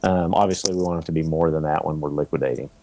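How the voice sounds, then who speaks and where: A man as a podcast guest, explaining rental investing in a relaxed way with examples and acted-out quotes. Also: very deep voice, fast, a little hiss or hum. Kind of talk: casual interview talk.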